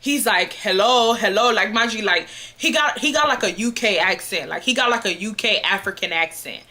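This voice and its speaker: A woman's voice: mid-range voice, a little fast, sharp tone. A woman telling a casual storytime, chatty and full of "like" as she talks. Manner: chatty, fills with "like". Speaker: storyteller in clip.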